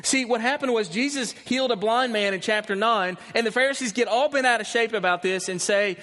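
A man preaching a sermon as pastor, telling the story with animated restarts and emphasis. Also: high-pitched, fairly quick. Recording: long hall reverb.

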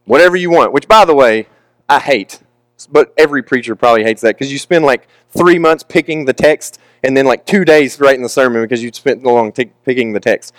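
A man's voice: medium pitch, fast, no room sound. A young man preaching a candid, emotional, confessional sermon with casual asides.

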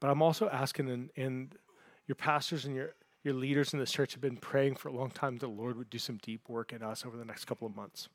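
A man's voice: mid-range voice, fairly even intonation, fairly quick, no echo. A man preaching a sermon in a church, earnest and given to repeating words as he builds a point. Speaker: pastor. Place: church sanctuary.

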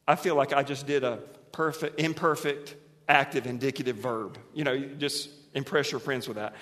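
A man preaching a sermon to his congregation, moving between quiet, low passages and loud, emphatic ones, asking them questions and having them repeat words back to him. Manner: animated preaching that swings from hushed to emphatic. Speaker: pastor. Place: church sanctuary. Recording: long hall reverb.

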